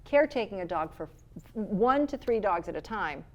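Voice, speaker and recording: Middle-aged woman telling a lively story. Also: medium pitch, moderate pace. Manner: storytelling, animated, acts out quotes. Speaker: podcast co-host. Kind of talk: casual chat.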